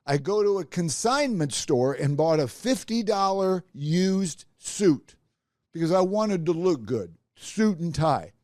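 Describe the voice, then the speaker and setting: A man's voice: on the high side, takes it slowly, dry recording, studio quality. A middle-aged man, a podcast host, telling a personal career story and acting out the voices of the people in it. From Nebraska. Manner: animated, acts out quoted voices.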